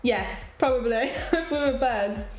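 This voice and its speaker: A young British woman from the UK chatting casually on a cooking live stream, animated and laughing often as she eats and answers viewers. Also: on the high side, measured pace. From United Kingdom. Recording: echoey room with faint music behind.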